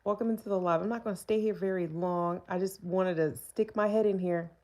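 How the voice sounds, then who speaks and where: A woman's voice: on the low side, fairly even intonation, fairly quick, darkish tone. A woman, chatting candidly on a live stream and laughing often. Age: 40s. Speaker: livestreamer. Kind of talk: casual live-stream chat.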